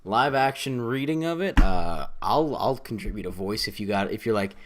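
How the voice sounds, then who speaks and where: A man with an American accent hosting a live-streamed podcast in casual chat, playful and quick to try out joke voices. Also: lowish voice, lively intonation, background noise. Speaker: podcast host.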